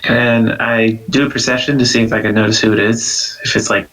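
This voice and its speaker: Low-voiced player, slow and deliberate. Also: male voice, level tone, fairly bright tone, low-quality recording. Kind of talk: tabletop game play.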